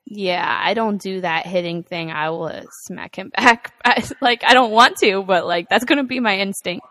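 Young woman, casual podcast chat, chatty, laughs a lot, mid pitch, dry close recording. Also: normal speed, bright, forceful tone, no room sound. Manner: chatty, laughs often, many likes and ums. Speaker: podcast co-host.

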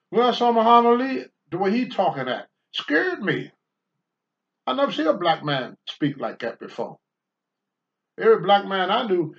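An older man on a talk show, blunt and preachy, swinging from low mutters to loud outbursts. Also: sing-song, normal speed, dull audio. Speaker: podcast host, former wrestler. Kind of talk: candid talk-show commentary.

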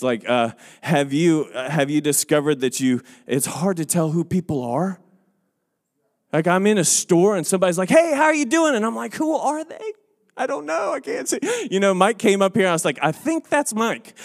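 A man's voice: high voice, big-room sound. A man preaching as pastor, telling jokes and acting out little scenes in a casual sermon. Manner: joking, animated storytelling with acted-out asides. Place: church sanctuary.

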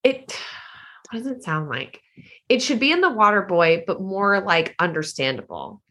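Bright-voiced woman chatting casually. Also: mid-range voice, very animated, moderate pace. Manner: chatty, lots of "like" fillers. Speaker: team broadcaster, podcast guest. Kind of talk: casual podcast interview.

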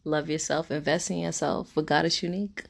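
Brash young woman, low voice, chatty slangy sales pitch with laughs. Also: fairly even intonation, a little fast, creaky. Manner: playful, slangy. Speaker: business owner promoting her products. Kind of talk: promotional pitch.

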